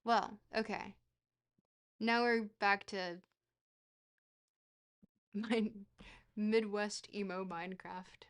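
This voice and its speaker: A woman's voice: mid-range voice, very slow, long pauses. A woman streamer chatting casually while playing a geography guessing game, rambling and poking fun at herself. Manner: rambling, self-mocking, bursts into excited shouts.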